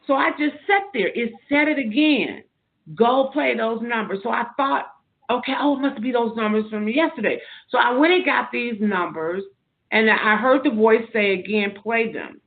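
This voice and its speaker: A woman with a fairly high voice tells earnest, spiritual personal stories as a podcast guest, rambling through long, loose anecdotes. Her voice comes through narrow and tinny, like a phone line. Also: normal speed. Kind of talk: personal storytelling in an interview.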